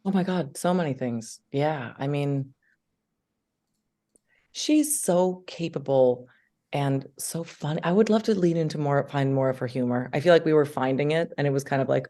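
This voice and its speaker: A woman, an actress, chatting eagerly as an interview guest, full of filler words and quick asides. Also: low-pitched, mellow. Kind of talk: casual interview chat.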